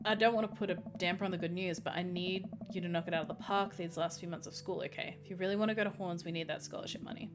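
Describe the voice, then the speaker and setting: A woman voicing a doting father of a teenage girl, reading game dialogue aloud in a gentle, joking fatherly tone. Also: on the low side, fairly even intonation, fast, few pauses, noisy background, close to an everyday voice. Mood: tender. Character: warm, doting single dad of a teen. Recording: game music behind voice. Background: game music.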